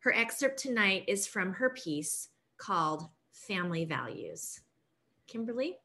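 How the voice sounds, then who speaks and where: A woman's voice: medium pitch, expressive, a little slow, pushed and bright. A woman hosting a group reading, reading out short introductions of each author. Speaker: host introducing readers.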